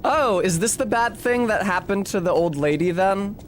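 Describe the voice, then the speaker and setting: A man's voice: high-pitched, expressive, moderate pace, slight background noise. A young man streaming a video game, commenting in a sarcastic, rambling way. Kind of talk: let's-play commentary.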